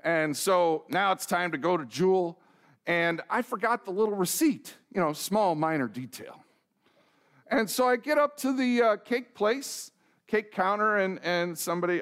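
A middle-aged man delivers a sermon in a somewhat high voice. He mixes a self-mocking personal story with direct questions to his listeners and acts out the dialogue as he goes. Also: sing-song, normal speed, a bit bright. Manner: asks the congregation direct questions. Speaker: pastor.

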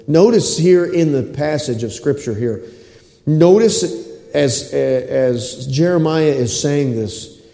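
Impassioned high-voiced man preaching in an echoey hall. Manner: impassioned, repeats phrases, drops to a low hush. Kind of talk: sermon. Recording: echoey hall with long reverb.

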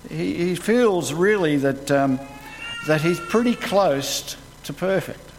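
A man preaching a conversational sermon, retelling scripture as a lively story in colloquial words. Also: on the high side, takes it slowly. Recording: long hall reverb, faint background noise.

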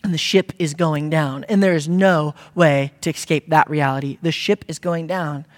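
High-voiced preacher in a reverberant hall. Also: male voice, fairly even intonation, normal speed. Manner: builds from quiet to loud exhortation. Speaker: pastor. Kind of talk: sermon.

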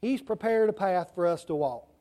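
A man's voice: high voice, expressive, moderate pace, mellow. A man with a rural Southern country accent giving a children's sermon in church, chatty and asking the kids questions. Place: church sanctuary.

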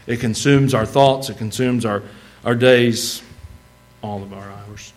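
A man's voice: fairly low pitch, measured pace, poor audio. A man preaching a sermon in a church, reading scripture aloud and mixing in casual, humorous asides. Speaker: pastor. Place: church sanctuary.

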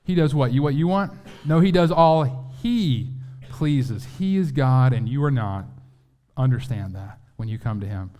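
A man preaches in a loose, conversational way. He slips into acted-out quotes and often restarts his sentences. His voice sits at an ordinary middle pitch. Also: lively intonation, measured pace, warm tone, soft background music. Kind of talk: sermon.

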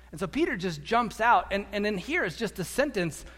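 A man preaching a sermon as a pastor, animated, acting out quotes and repeating words as he goes. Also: sits high, a little fast, hardly any pauses. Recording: echoey hall.

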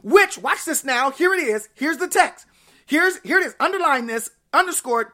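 High-voiced woman preaching emphatically. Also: expressive, normal speed, sharp tone. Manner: emphatic, repeats scripture phrases, exclaims. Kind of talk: sermon.

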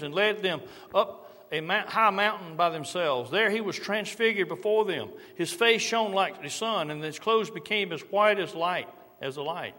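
A middle-aged man preaches with a lively, rising-and-falling delivery, his voice a little higher than most men's. He swings from full projection down to near-quiet, slow emphasis. The long reverb of a large hall trails every phrase. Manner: varies loudness widely, drops to soft slow emphasis. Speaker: pastor. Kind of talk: sermon.

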